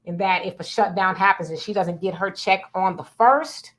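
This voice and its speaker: A woman's voice: mid-range voice, moderate pace. Casting: woman host, casual livestream chat, loose and chatty, lots of ums. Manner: chatty, many fillers and restarts.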